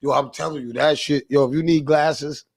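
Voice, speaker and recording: Gravelly animated man ranting on a livestream. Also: on the high side, moderate pace. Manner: animated, repetitive, profane, mimics callers. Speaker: livestream host. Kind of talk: casual livestream rant.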